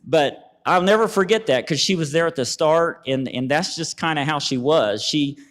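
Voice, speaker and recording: A man giving a halting, emotional eulogy at a memorial service, reading letters from family. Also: a little high, expressive, a bit bright. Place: event venue, livestreamed. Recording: long reverb of a hall.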